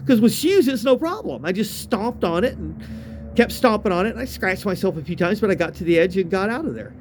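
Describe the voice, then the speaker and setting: A man's voice: sits high, big pitch swings, fairly quick, slight background noise. A man telling a rambling, profane story in casual speech, full of restarts and fillers.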